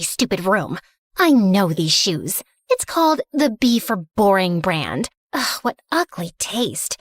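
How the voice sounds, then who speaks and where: A young woman narrating an animated story as a spoiled, theatrical rich girl, sarcastic and self-centered. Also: mid-range voice, no room sound, clean studio sound. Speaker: first-person narrator.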